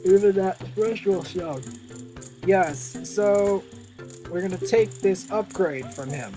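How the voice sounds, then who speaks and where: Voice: medium pitch, takes it slowly. A tired gameplay narrator giving casual walkthrough commentary, rambling and offhand as tips drift into asides. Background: game music.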